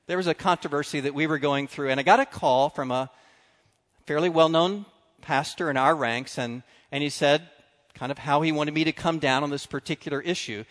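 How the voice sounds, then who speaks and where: A man preaching a sermon, telling stories with animated swings between loud and quiet. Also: on the high side, brisk. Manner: animated storytelling, drops to quiet confessional tones. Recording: long reverb of a large hall.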